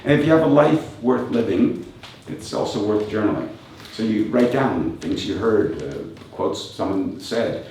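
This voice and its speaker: Low-voiced man in his fifties, echoey hall. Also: lively intonation, normal speed, a little mellow. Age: 50s. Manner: reflective, asks rhetorical questions, chuckles often. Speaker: motivational speaker and coach. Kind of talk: live talk to an audience. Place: event venue with a live audience. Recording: very echoey room, distant mic, faint noise.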